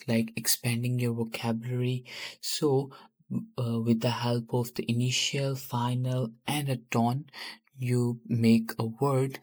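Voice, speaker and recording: Monotone hesitant male language teacher. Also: mid-range voice. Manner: hesitant, frequent filler pauses. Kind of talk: narrated tutorial.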